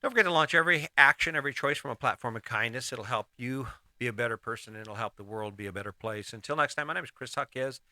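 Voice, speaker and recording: A man's voice: medium pitch, fast, hardly any pauses, sharp tone, no room sound. A middle-aged man hosting a casual motivational monologue, rambling and restarting his sentences as he gives life advice. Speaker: host.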